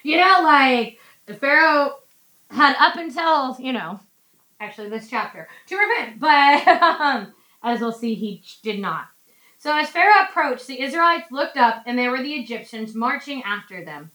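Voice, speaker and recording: A woman teaching a casual Bible study, chatty and animated, acting out quotes from the text. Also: high-pitched, moderate pace, reverberant, low-quality recording.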